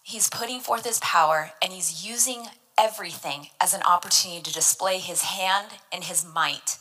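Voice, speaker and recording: Woman, devotional Bible teacher, earnest and emphatic; lowish voice with a bright, forceful edge. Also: moderate pace, low-quality recording. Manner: earnest, emphatic, explains scripture word by word.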